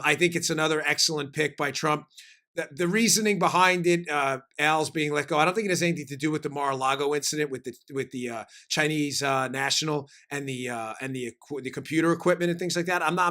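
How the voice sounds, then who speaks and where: Emphatic high-voiced male talk host. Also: fairly even intonation, sharp tone. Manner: emphatic, fast-shifting, punchy delivery. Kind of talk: political talk show commentary.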